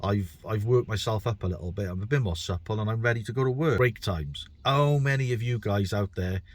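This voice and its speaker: On his own podcast, a middle-aged bricklayer with a British accent talks casually, rambling, poking fun at himself and repeating words as he works things out. His voice is on the low side and fairly quick, heard on a dry recording.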